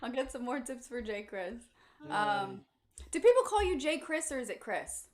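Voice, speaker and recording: A woman's voice: on the high side, big pitch swings, moderate pace. A woman co-hosting a comedy stream, reading out viewer tips in a giggly way over a video call. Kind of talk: casual comedy show chat.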